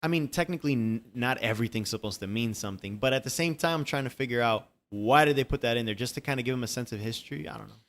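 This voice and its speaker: A man co-hosting a casual film review chat, relaxed and quick to laugh, swearing casually and acting out bits he remembers. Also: mid-range voice. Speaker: podcast co-host.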